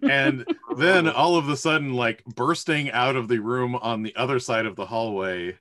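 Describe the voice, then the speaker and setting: A man's voice: mid-range voice, moderate pace, a bit bright. A man narrating a tabletop game as game master, rambling with fillers and laughing often.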